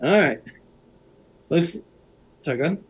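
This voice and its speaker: A man playing a tabletop game, speaking haltingly with repeated restarts, at times laying out rules in character. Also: fairly high pitch, animated, husky, rough recording. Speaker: player.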